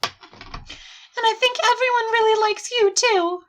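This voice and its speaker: A woman's voice: very high voice, measured pace, slight background noise, pitched above the performer's own voice. A woman voicing a bubbly, cheerful teenage schoolgirl for a game, sweet and eager in a sing-song way. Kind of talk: live-stream voice acting of game lines.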